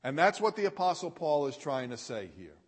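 A man's voice: a little high, sing-song, a little fast, slightly rough. A male preacher giving a sermon in a folksy way, repeating key phrases for emphasis, heard with a long hall reverb.

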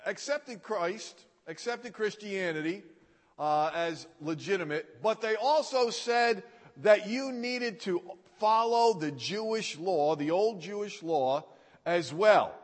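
A man's voice: sits high, slow pace. A male preacher giving a sermon in a folksy way, repeating key phrases for emphasis, heard with a long hall reverb.

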